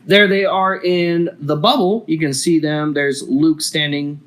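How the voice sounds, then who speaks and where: A man's voice: on the high side, fairly even intonation, a little slow, fairly bright tone. A man hosting a casual toy review video, chatty and enthusiastic.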